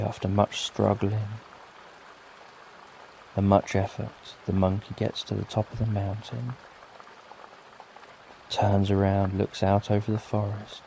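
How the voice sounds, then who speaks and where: A middle-aged British man narrating a bedtime story for sleep, gentle and lulling with plenty of repetition. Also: fairly low pitch, gravelly, slight background noise. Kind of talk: slow soothing bedtime storytelling. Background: soft rain.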